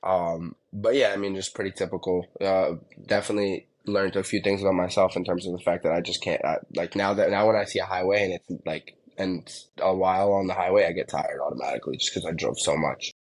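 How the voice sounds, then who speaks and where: A man's voice: sits low, steady tone, a little fast, hardly any pauses. A man from New Jersey, a podcast guest, telling a travel story in a casual, rambling way, full of fillers.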